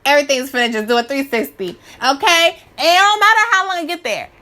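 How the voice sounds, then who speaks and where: A woman in her twenties giving a casual, slangy spiritual rant to her viewers, animated and preachy with many restarts. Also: high-pitched, fast talker, very noisy. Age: 20s. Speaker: spiritual vlogger.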